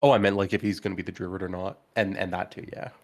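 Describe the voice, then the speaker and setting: Man, lowish voice, player, fast, animated, joking asides. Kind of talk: casual chat during a tabletop game.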